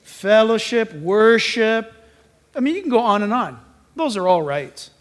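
A man's voice: sits high, a little slow, in a large hall. A pastor preaching a sermon to his church, telling stories and acting out voices along the way. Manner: animated storytelling, acting out voices.

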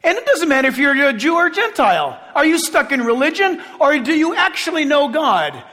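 High-voiced impassioned male preacher. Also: very animated, fairly quick, big-room sound. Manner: impassioned, shouting at times, sarcastic asides. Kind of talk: sermon.

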